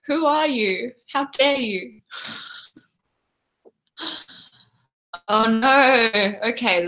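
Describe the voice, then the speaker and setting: Bright-voiced Australian woman chatting. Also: medium pitch. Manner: chatty, reads and answers chat. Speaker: livestream host. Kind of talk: casual livestream chat. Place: home room.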